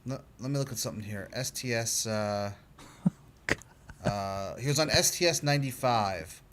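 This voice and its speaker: A man's voice: mid-range voice, unhurried. Guy on a ham radio link, lots of uhs, teasing a bit, faint hiss behind. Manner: hesitant, teasing, many fillers. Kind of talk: casual chat.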